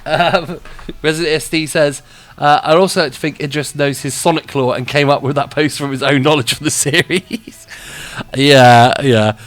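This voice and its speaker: A man's voice: medium pitch, a bit bright. A man hosting a live show in a rambling, chatty way, laughing often as he reacts to what he sees and reads out. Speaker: radio show host and streamer. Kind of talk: casual live-stream chat.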